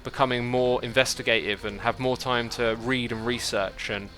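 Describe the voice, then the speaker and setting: Soft music plays behind this livestream host, whose mid-range voice is steady, fairly bright, and moderately paced. While he builds in the game, he chats loosely, thinks out loud, and reads viewers' messages aloud.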